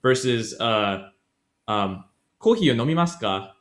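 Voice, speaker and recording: A man's voice: mid-range voice, expressive, moderate pace, fairly bright tone. A man co-hosting a casual podcast, chatting his way through a language grammar lesson and often correcting himself mid-sentence. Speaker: podcast co-host.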